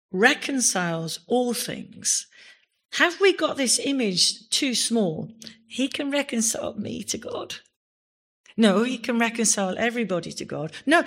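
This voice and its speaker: A woman's voice: a little high, fairly bright tone. Emphatic woman preaching a sermon. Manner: emphatic, rising to exclamations on key words. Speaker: pastor. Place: church.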